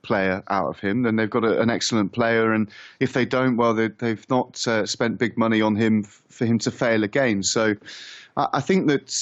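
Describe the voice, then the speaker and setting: A man answering as a football correspondent on a radio phone-in, measured and hesitant, often restarting his sentences. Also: lowish voice, steady tone. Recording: dull lo-fi phone line.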